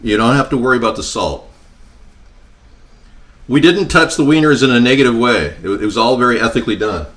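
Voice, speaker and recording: A man giving a casual home cooking demonstration, chatty and tossing in deadpan joking asides as he works at the stove. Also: medium pitch, fairly quick, pauses often. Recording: kitchen clatter of pots and pans behind.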